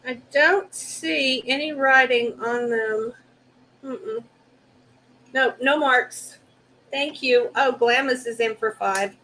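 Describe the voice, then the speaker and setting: A woman's voice: high voice, slow, bright, forceful tone, slight background noise, low-quality recording. A woman on a live selling stream, answering buyers' questions plainly and briefly. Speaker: reseller showing an item. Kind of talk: casual live-stream chat.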